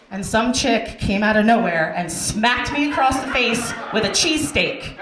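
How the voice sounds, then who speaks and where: A woman's voice: mid-range voice, normal speed, few pauses, a bit bright. Brash woman doing crude club stand-up. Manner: brash, crude, chatty with the crowd. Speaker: stand-up comedian hosting a show. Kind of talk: stand-up comedy set. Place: comedy club stage. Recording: roomy club sound.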